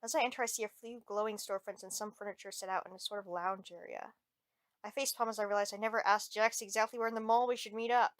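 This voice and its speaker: A woman gaming streamer reading a dating-sim game aloud, playful and excitable, giggling often, on a close microphone. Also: medium pitch, quick pace, no echo.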